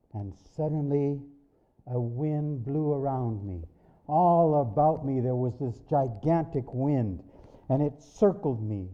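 A man giving a spoken religious testimony, slow and measured, his voice swinging up and down with emotion. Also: mid-range voice, lively intonation. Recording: dull lo-fi recording.

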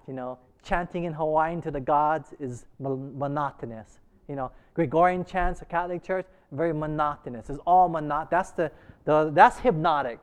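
A man teaching a Bible study class, pitched a little high for a man. He talks in a loose, conversational way, firing questions at the group and circling back to restart his sentences. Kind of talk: interactive preaching class.

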